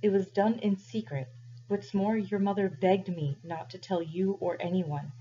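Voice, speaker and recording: A woman voicing a gentle, weary old village priest who speaks softly and carefully in a read-aloud story, her voice husky. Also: fairly even intonation, normal speed, natural voice. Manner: soft, low and careful. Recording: dull lo-fi recording.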